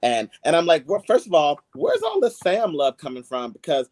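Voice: medium pitch, huge pitch swings, moderate pace, darkish tone. A podcast co-host chatting casually, easygoing and teasing.

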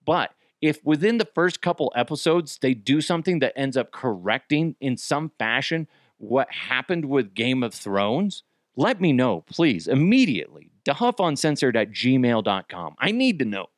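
Male podcast host, solo rant, profane and exasperated, sudden yells, animated pitch, dry close sound. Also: moderate pace, dry recording.

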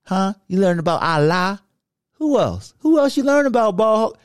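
A man voicing a petty, cheeky male alter ego who needles with rapid-fire taunting questions in podcast banter. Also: sits high, sing-song, vocal fry, darkish tone, dry recording, clean studio sound, voice pushed up, exaggerated voice. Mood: teasing.

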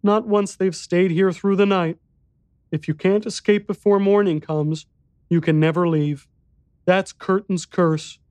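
A small, solemn boy, as a man puts on a raised child's voice. He speaks in a high voice, quiet and grave, flatly stating grim facts. The voice sits dry and close. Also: a little slow, dry recording. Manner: quiet, grave, matter-of-fact.

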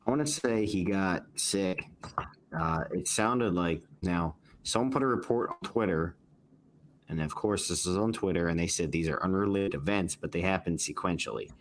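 A man's voice: sits low, normal speed, slight background noise. A man hosting a casual sports podcast, steering the talk with questions and hesitant fillers. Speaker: podcast host.

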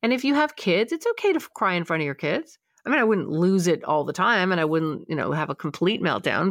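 A woman co-hosting a podcast, talking in a reassuring, animated way about feelings and often acting out the voices she quotes. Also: mid-range voice, fairly quick, no room sound, studio quality. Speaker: podcast co-host. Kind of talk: casual podcast chat.

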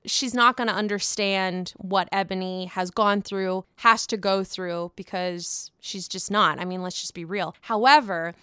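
A woman's voice: medium pitch, a bit bright, clean tone, no room sound, studio quality. A young woman giving casual, opinionated commentary on a reality show, candid and frustrated, swearing often and asking herself rhetorical questions.

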